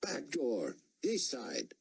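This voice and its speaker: A male audiobook narrator voicing a tense young Greek man with a husky voice and a Greek accent, curt and threatening. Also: mid-range voice, wildly swooping pitch, very slow, voice pushed up, heavily acted.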